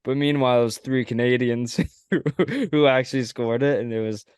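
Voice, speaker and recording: A man's voice: mid-range voice, steady tone, moderate pace, a little mellow, clean tone, no echo. A man hosting a casual sports podcast, laughing often and agreeing easily. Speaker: podcast host.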